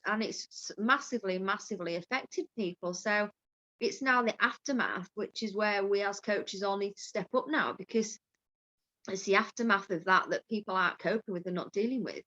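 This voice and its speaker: A candid woman speaks openly as a coach, peppering her talk with swearing and quick laughs. Her voice sits at a middling pitch. The audio is dull and lo-fi, like a call recording. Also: bright, forceful tone. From Yorkshire, England. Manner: open, frank, swears freely, laughs often. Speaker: mindfulness coach and guest. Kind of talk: candid conversational chat.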